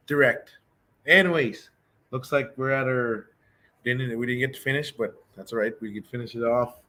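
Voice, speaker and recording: Chatty man teaching a language class. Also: mid-range voice. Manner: relaxed, chatty, thinks aloud with many restarts. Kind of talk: casual online language class.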